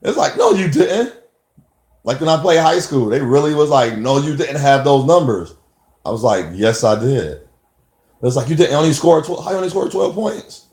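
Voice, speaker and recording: A man's voice: mid-range voice, normal speed. Rambling man in an echoey room. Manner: rambling and animated, acting out quoted exchanges. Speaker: vlogger. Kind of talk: casual spoken monologue.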